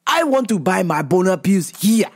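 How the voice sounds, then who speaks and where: A woman's voice: medium pitch, animated, darkish tone, pitched below the performer's own voice. Woman doing a huffy male customer in broken English. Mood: indignant. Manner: complaining, halting broken English.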